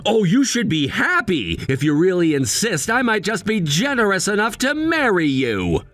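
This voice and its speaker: An actor playing an arrogant, snobbish young fiancé who talks down to others with a sneer, in a dramatized text story. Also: male voice, high voice, huge pitch swings, normal speed, fairly bright tone, no echo, soft background music, full character voice. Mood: smug. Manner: sneering, condescending.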